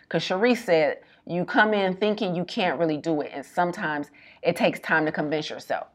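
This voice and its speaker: Woman, health coach, motivational talk, emphatic, casual, repetitive, lowish voice. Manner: emphatic, repetitive, colloquial, fast bursts.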